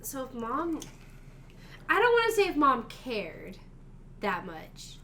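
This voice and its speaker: Bright, high woman podcast host, chatty and laughing. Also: wildly swooping pitch, slow pace, slight background noise. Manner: laughing, loud outbursts. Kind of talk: casual book club chat.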